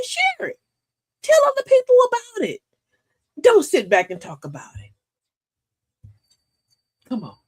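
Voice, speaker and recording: An older woman with an extremely high-pitched voice hosts a live advice show, emphatically sharing life advice and stories. She calls her listeners "baby" and "y'all."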